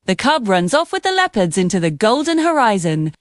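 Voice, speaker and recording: A woman reading scripted narration for a children's cartoon story in an expressive storytelling manner. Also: mid-range voice, brisk, no echo, clean studio sound.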